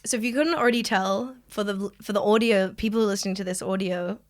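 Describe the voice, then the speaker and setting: A young woman, an animated podcast co-host telling a story in casual chat. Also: medium pitch, brisk. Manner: animated, expressive, swears freely.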